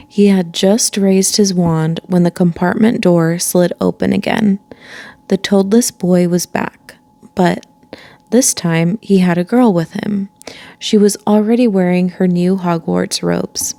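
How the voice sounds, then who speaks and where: Woman storyteller, dark and mellow, slow read-aloud pace. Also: on the low side, gravelly, no echo, studio quality. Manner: calm, unhurried reading with asides. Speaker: children's book reader.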